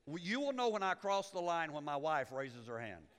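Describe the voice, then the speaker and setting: A man's voice: fairly high pitch, big pitch swings, normal speed, a bit bright, long reverb tail. A man preaching a sermon as pastor, folksy and teasing the congregation, acting out quotes. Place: church sanctuary.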